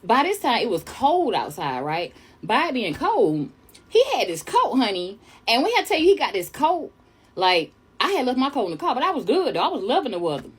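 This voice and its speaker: A young woman from New York telling a chatty storytime tale, animated and calling listeners honey. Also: a little high, a little fast, breathy edge. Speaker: storyteller vlogger. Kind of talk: casual storytime monologue.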